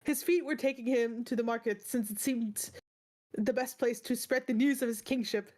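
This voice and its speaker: A woman's voice: on the high side, steady tone, moderate pace, darkish tone. A woman hosting a book club read-along, reading aloud with frequent laughs and self-corrections. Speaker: book club host, reader.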